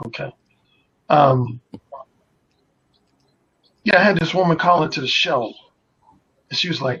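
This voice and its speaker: Man, husky, slightly high voice, swaggering, explicit, muffled lo-fi. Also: a little slow, pauses often, a bit bright. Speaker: guest, radio host. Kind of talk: casual storytelling chat.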